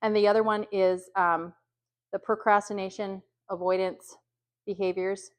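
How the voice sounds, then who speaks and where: A woman's voice: medium pitch, flat delivery, normal speed. Woman trainer, casual and hesitant, acts out sample lines for staff. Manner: conversational, many ums, acts out example phrases brightly. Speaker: youth worker trainer. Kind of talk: training talk.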